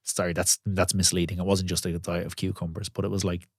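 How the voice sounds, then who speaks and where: A man who is a guest on a podcast, talking candidly in quick bursts with lots of swearing and restarts. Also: sits low, flat delivery, dry recording, clean studio sound. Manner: swears freely, tells stories in quick bursts with many restarts. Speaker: podcast guest, pro wrestler and gym owner. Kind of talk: candid casual podcast chat.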